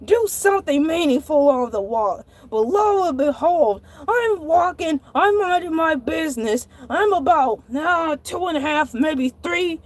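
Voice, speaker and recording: A very high, squealing voice belongs to an excitable cartoon shark played by a woman. He tells his misadventures as a comic monologue, huffing with exasperation and breaking into shouting fits. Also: measured pace, few pauses. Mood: annoyed. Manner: dramatic, exasperated, bursts into shouting. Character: excitable male cartoon shark who walks on land. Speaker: show host.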